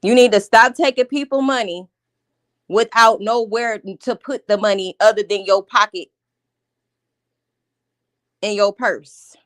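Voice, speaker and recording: Unhurried and pausing often, a livestream host speaks in a medium-pitched, fairly bright voice. Her casual commentary is blunt and confrontational, calling people out with repeated questions. The recording is dry and close.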